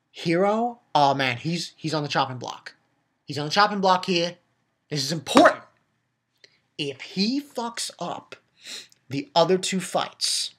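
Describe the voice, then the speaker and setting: A man casually recapping a manga chapter, rambling and swearing, with many restarts and bursts of excitement. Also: a little high, unhurried.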